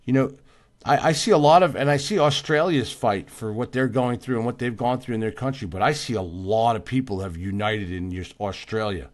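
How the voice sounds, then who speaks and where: A man's voice: mid-range voice, fairly quick. Tired man hosting a political livestream. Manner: emphatic, repetitive, reads out viewer names. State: tired, yawning. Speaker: livestream host. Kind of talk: casual livestream chat reading viewer comments.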